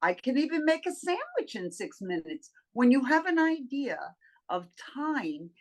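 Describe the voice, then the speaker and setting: A woman's voice: high-pitched, wildly swooping pitch, measured pace. A woman co-hosting a casual coaching chat, talking in an emphatic, enthusiastic and playful way. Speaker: co-host.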